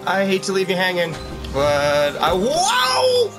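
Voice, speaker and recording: A man's voice: high-pitched, normal speed, over music. A man hosting a gaming channel, giving jokey let's-play commentary and yelping and exclaiming as he plays. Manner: excitable, jokey, yelps and exclaims while playing.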